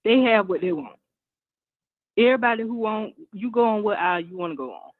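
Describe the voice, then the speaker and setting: A fairly high-voiced man makes his case on a call-in show, earnest and repeating himself. The sound is thin, tinny and dry, as over a phone line. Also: expressive, brisk, dry recording. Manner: earnest, repetitive, getting emotional. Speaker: caller. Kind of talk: call-in commentary.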